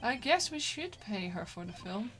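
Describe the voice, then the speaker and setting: A woman's voice: a little high, big pitch swings, normal speed, fairly bright tone, slightly rough, soft background music, full character voice. A woman reading a flustered young lawyer. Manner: exasperated, stammering. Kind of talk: reading game dialogue aloud.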